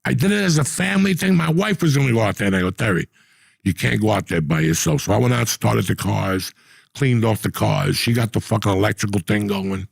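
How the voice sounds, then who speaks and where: A man's voice: fairly low pitch, a little fast, vocal fry, dry recording. An older man telling long, profane, rambling stories as a podcast host in casual chat. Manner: profane, rambling, animated storyteller.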